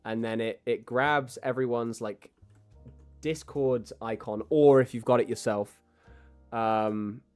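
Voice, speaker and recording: A man's voice: mid-range voice, steady tone, slow, darkish tone, clear, resonant tone, faint music behind. A man hosting a live art stream, chatting casually with friends over an online voice call, self-mocking and laughing often. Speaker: streamer host. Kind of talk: casual chat on a group call. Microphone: computer mic on an online voice call.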